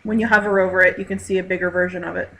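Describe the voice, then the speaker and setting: Bright-voiced woman chatting on a live stream. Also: fairly low pitch, level tone, racing, vocal fry, rough recording. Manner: chatty, laughs often, reads chat aloud. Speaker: host. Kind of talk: casual live stream chat.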